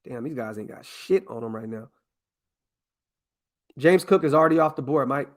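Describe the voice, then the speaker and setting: A male podcast host in casual live-stream chat, excitable and profane, talking straight to his viewers as he works through a mock draft. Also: medium pitch, normal speed.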